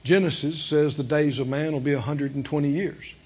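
A man's voice: a little high, steady tone, brisk, darkish tone, husky, highs cut off. A man preaching a sermon, emphatic and repeating his phrases, with call-and-response to the congregation. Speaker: pastor.

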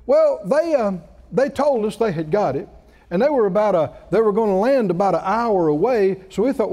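A man's voice: high voice, expressive, normal speed, mellow. A male preacher delivering a sermon, telling a story with laughter and rising exclamations. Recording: reverberant hall.

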